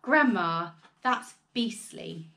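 A woman's voice: mid-range voice, lively intonation, very slow, vocal fry, sharp tone, exaggerated voice. A woman voicing a timid eight-year-old boy who pleads earnestly in a storybook reading. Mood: dismayed.

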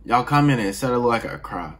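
In a reaction video, a male host with an expressive, mid-range voice talks quickly and casually, relaxed and chatty with lots of laughs and yawns. The reacted video's music can be heard clearly in the background.

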